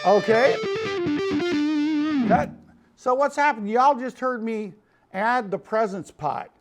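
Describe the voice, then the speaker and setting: A man's voice: very high-pitched, slow. A middle-aged man with a Chicago accent, a studio producer giving a folksy, hands-on demonstration of guitar tone. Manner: folksy, calls people "Mister". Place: recording studio.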